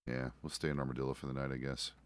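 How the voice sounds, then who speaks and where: A low-pitched middle-aged man talks to his stream chat and fellow players in a loose, rambling way. He restarts and corrects himself often and drops the odd curse. The sound is dry, with no room in it. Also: little pitch movement, racing, smooth, no room sound. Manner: rambling, self-correcting, casual swearing. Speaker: streamer playing a deputy. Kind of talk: casual roleplay stream chat.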